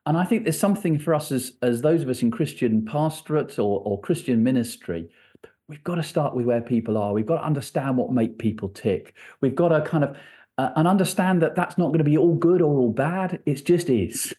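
Male guest, warm dark tone, musing and circling back on his thoughts. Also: mid-range voice, lively intonation, fairly quick. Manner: thoughtful, rambling, restarts often. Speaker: author and church leader, guest. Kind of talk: conversational interview answers.

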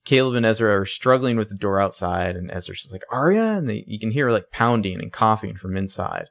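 A man casually recapping a TV episode on a podcast, acting out the characters' lines in quick put-on voices. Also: lowish voice, steady tone, vocal fry. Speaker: podcast co-host recapping a show. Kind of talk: casual chat.

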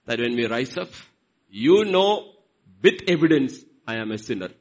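A middle-aged man with an Indian accent preaching a sermon, swinging between loud emphasis and soft asides. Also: medium pitch, big pitch swings, moderate pace, low-quality recording. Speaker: pastor.

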